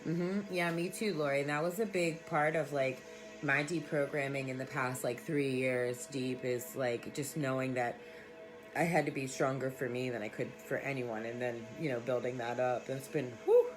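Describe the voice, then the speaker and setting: A woman's voice: a bass voice, steady tone, normal speed. Woman, spiritual coach on a casual live stream. Blunt, profane and affectionate, with faint music underneath. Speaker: spiritual coach and sound healer. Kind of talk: casual live-stream chat, answering viewers. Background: soft background music.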